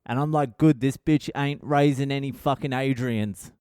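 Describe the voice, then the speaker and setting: A man's voice: medium pitch, normal speed, warm tone, clean tone, no echo, clean studio sound. A middle-aged Australian man hosting a podcast, telling stories in a blunt, profane, rambling way. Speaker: podcast host. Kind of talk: casual storytelling monologue.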